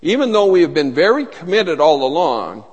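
A man's voice: a little high, very animated, moderate pace, slightly rough. A man preaching a sermon as pastor, earnest and emphatic, often repeating his phrases. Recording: long reverb of a large hall.

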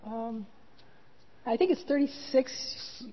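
A pastor's wife answering briefly and softly from off mic. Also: female voice, on the high side, animated, takes it slowly. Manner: soft and brief, speaking from off mic. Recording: distant, dull, long reverb.

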